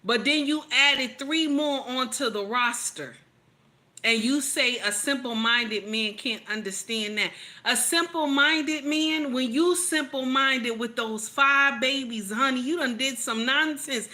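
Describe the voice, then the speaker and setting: Bright-voiced, blunt woman streamer. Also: on the high side, a little slow. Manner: blunt, profane, laughs often, reads chat aloud. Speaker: commentator reacting to a clip. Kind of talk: casual live-stream commentary.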